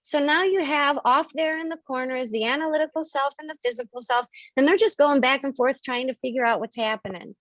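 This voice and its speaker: A woman's voice: high voice, a little fast, hardly any pauses, fairly bright tone, no echo, lo-fi sound. A woman hosting a spiritual members' call on video, explaining earnestly and acting out examples.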